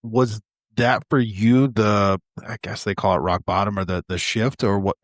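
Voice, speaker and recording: A man's voice: fairly low pitch, steady tone, moderate pace, dry recording, clean studio sound. A man hosting a podcast, reacting casually with short remarks and questions. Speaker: podcast host. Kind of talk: casual interview.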